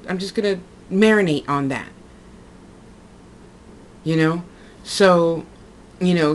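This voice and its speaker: A woman's voice: on the low side, slight background noise. A woman talking to her camera in a casual, heartfelt vlog monologue, rambling and repeating herself as she goes. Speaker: vlogger.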